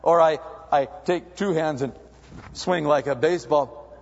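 A male pastor preaching a sermon, animated, swinging between loud emphatic bursts and hushed, quiet asides. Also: a little high, a little slow, gravelly. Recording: dull lo-fi recording with long hall reverb.

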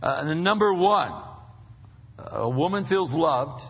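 A man preaching a conversational sermon to husbands, animated and acting out little bits of dialogue. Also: a little high, slow pace, vocal fry, slightly rough. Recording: muffled, reverberant hall.

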